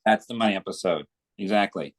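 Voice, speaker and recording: A man's voice: fairly low pitch, a little fast. A man, a guest actor, chatting casually in an interview and telling long anecdotes.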